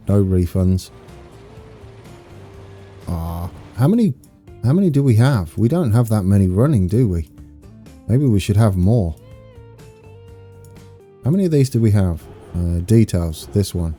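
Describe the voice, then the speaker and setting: Brief: British male streamer, lowish voice, very dark and mellow, eager and chatty over faint music. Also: a little slow, pauses often. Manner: excitable, chatty, talks to viewers. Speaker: game streamer. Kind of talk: live gameplay commentary.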